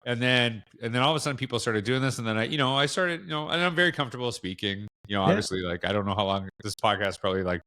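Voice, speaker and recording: A man's voice: medium pitch, racing, few pauses, pushed and bright. A middle-aged man with a Canadian accent, a podcast guest talking casually, rambling with many fillers and restarts. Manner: rambling, lots of fillers and restarts, acts out quoted dialogue. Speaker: podcast guest, education speaker. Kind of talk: casual interview chat.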